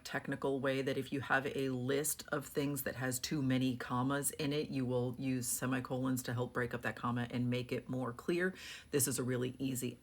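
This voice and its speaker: A young woman book editor talks through a punctuation lesson in an easygoing, conversational way. She drops frequent "like" fillers as she explains. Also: rumbling low. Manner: chatty, frequent "like" fillers, reads examples aloud.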